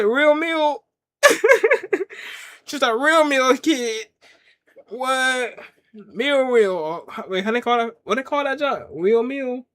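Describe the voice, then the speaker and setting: A show reviewer casually retelling a scene in slangy talk, laughing often and acting out quotes. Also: medium pitch.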